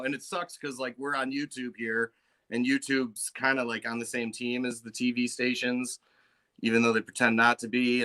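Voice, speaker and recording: A man's voice: on the low side, bright, forceful tone. A man hosting a casual podcast chat, rambling and joking. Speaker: show host.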